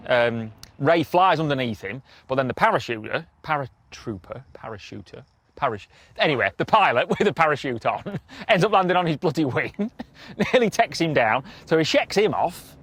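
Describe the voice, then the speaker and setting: A man presenting a documentary, telling stories in a lively way, swearing freely and laughing often. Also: on the high side, brisk. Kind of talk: lively storytelling to camera.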